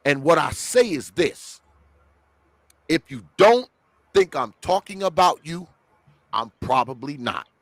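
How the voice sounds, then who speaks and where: A man who is a guest on a podcast, telling a story in an animated, heavily profane way. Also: fairly high pitch, slow pace, pauses often, no echo.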